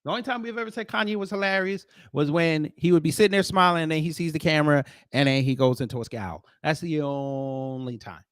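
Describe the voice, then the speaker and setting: A man hosting casual reaction commentary who talks to viewers directly, swinging between loud emphasis and muttered asides. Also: on the high side, a little fast, few pauses, smooth, dry recording, clean studio sound. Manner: addresses viewers directly as folks. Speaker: commentary host.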